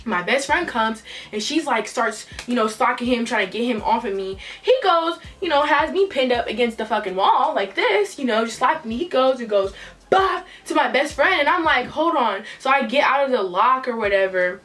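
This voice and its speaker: A woman's voice: on the high side, expressive, a little fast, few pauses, a bit bright, recorded from a distance. A young woman telling a storytime vlog in a casual, profane, emotional way. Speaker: vlogger. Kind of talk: storytime retelling.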